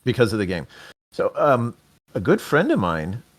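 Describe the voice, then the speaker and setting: A man's voice: medium pitch, wildly swooping pitch, normal speed. A man hosting a casual podcast interview, rambling a little and restarting his sentences. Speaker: podcast host.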